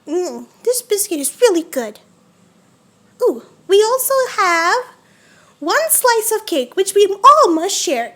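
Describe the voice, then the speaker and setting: A woman's voice: very high voice, full character voice. A woman voicing a sweet little girl who hosts a pretend tea party in an audio role-play, talking earnestly with childlike put-on fancy manners. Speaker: voice actor.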